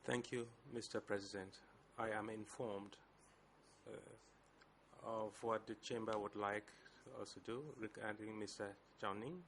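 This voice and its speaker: Lawyer, gravelly voice, careful and formal, bit of hiss. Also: male voice, fairly low pitch, steady tone, a bit bright. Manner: deliberate, measured speech with hesitations. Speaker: lead co-lawyer for civil parties. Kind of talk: formal courtroom address.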